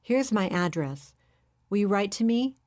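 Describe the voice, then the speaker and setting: A woman's voice: mid-range voice, expressive, a little slow, a little mellow, voice pushed up, close to an everyday voice. A woman voicing an anxious young mother who pleads in a raised, strained voice.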